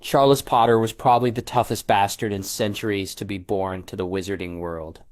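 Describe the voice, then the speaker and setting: A male audiobook narrator voicing a gruff, growling old male war veteran. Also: on the low side, fairly even intonation, a little fast, natural voice. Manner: growling, blunt. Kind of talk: audiobook character reading.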